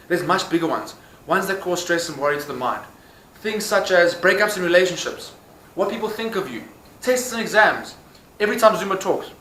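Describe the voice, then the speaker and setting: A man's voice: high voice, a bit bright, reverberant, slight background noise, rough recording. A young South African man giving a scripted motivational talk with jokey asides to his viewers. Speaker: motivational vlogger.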